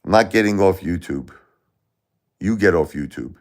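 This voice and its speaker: A man's voice: deep voice, lively intonation, moderate pace. A man hosting a live stream, lecturing and scolding his chat commenters in a confrontational, repetitive way. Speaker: livestream host.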